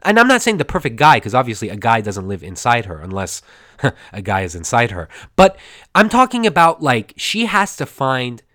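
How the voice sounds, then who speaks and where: A man's voice: medium pitch, huge pitch swings, moderate pace, a bit bright, no echo, studio quality. A man hosting a podcast, recapping a movie in a rambling, digressive way, stammering and acting out the characters' lines, his throat a bit scratchy. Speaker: podcast host.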